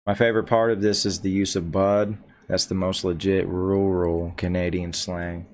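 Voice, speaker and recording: A man hosting a live reaction stream, reading out chat comments in a low-key, offhand way. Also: little pitch movement, normal speed, hardly any pauses, darkish tone.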